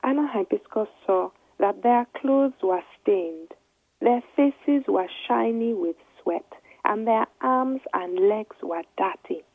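A woman reading a children's story aloud in gentle, measured narration. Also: medium pitch, breathy edge, dry recording. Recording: dry, tinny phone-like line.

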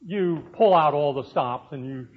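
A man's voice: on the high side, lively intonation, normal speed. A male professor in his sixties giving a university lecture in a classroom, speaking conversationally with frequent fillers and asides to the students. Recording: dull lo-fi lecture recording.

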